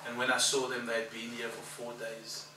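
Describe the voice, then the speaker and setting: In an echoey hall, a male pastor with a medium-pitched voice delivers a storytelling sermon at a fairly quick pace. He's animated, acting out dialogue and laughing at his own story, with the mic at a distance picking up background noise and ambience.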